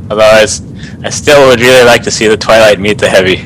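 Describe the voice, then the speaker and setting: A man's voice: lowish voice, fast, fairly bright tone, slight background noise, low-quality recording. A man chatting playfully on a livestream, often stammering and restarting. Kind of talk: casual livestream chat.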